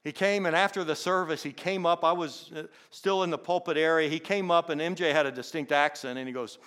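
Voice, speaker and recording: A man's voice: fairly high pitch, steady tone, brisk, few pauses, fairly bright tone. An older man preaching a sermon as a pastor, telling personal stories in an earnest way and often repeating words as he goes. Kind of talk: sermon storytelling.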